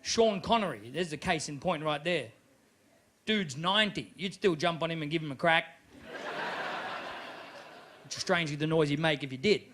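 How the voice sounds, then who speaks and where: A man from Australia with an Australian accent, doing a live stand-up set in an animated, mocking, profane manner. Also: high voice, normal speed, noisy background. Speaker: stand-up comedian. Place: live comedy venue.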